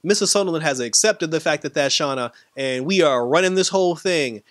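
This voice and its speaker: Animated man recapping an episode. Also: on the high side, a little fast, dry recording. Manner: animated retelling, quoting characters, frequent laughs. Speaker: TV episode reviewer.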